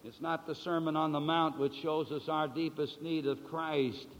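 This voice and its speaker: Guy preaching a sermon, kinda high voice, goes quiet then booms out stretched words, muffled old recording w long hall echo. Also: steady tone, moderate pace. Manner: dramatic swings between soft and loud, stretching key words; asks the listeners questions and answers them. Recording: dull, lo-fi sound with long hall reverb.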